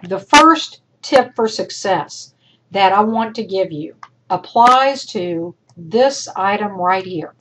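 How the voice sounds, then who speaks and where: A woman college instructor recording feedback for her class, emphatic and encouraging, talking straight to her students, her voice worn and going hoarse. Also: medium pitch, lively intonation, takes it slowly, fairly bright tone, a little hiss or hum, poor audio.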